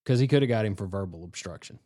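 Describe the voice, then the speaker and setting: A man co-hosting a podcast in casual chat, telling stories in a loose, profane way and tossing in quick replies. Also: on the low side, expressive, warm tone. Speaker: podcast co-host.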